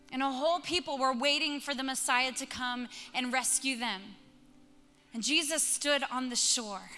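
A woman's voice: a little high, bright, forceful tone. A woman preaching a sermon in a conversational, emphatic way, urging her listeners on. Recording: long hall reverb.

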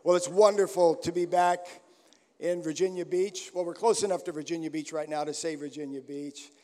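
A man's voice: fairly high pitch, steady tone, moderate pace, a little mellow. An older American man preaching as a guest pastor, telling stories in a folksy way with many restarts. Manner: folksy storytelling with frequent restarts. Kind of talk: sermon. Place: large church hall. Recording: echoey hall.

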